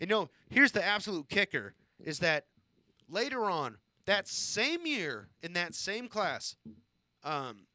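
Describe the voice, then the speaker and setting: A man's voice: fairly high pitch, bright, forceful tone, no echo. A man in his thirties, originally from Southern California, telling rambling, profane, self-deprecating stories on his live stream. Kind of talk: casual storytelling on a live stream.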